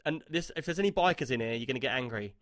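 A man hosting a podcast, retelling an argument in a lively, animated way. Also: mid-range voice, rapid-fire, dry recording, studio quality. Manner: animated storyteller, retells quarrels loudly. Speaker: podcast host. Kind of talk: casual chat.

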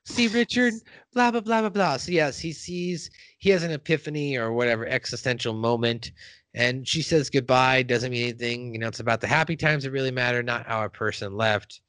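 A man's voice: mid-range voice, brisk, a bit bright, no echo. A man casually recapping a cartoon episode, acting out the characters' lines and laughing often. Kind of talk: casual chat.

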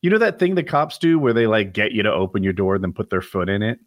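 A man's voice: on the low side, big pitch swings, quick pace, no echo, clean studio sound. A man chatting casually on a podcast, thinking aloud and laughing easily. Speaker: podcast co-host. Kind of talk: casual chat.

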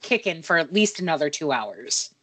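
A woman's voice: low voice, big pitch swings, normal speed, a bit bright, husky. A woman in her thirties co-hosting a casual film chat, wry and profane with dry humor.

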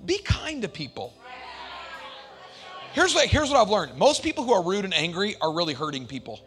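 Pastor guy preaching, high bright voice, shouts the big lines then chats through stories, faint music behind. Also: normal speed. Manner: shouting, sing-song preaching climaxes; relaxed storytelling with acted-out quotes. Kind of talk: sermon.

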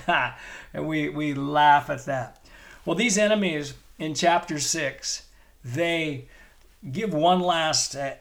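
Emphatic man preaching on a podcast. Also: a little high. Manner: enthusiastic, emphatic preaching with repeated phrases. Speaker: pastor. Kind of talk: podcast sermon.

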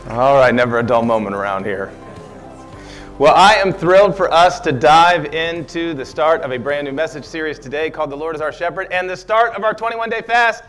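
A man preaching a sermon as pastor, energetic and emphatic. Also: on the high side, a little fast, faint music behind.

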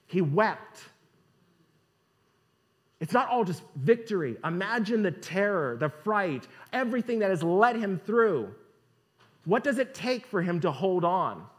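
Animated preacher man asking rhetorical questions. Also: high-pitched, moderate pace. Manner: animated, rhetorical questions, reads scripture aloud. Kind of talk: sermon.

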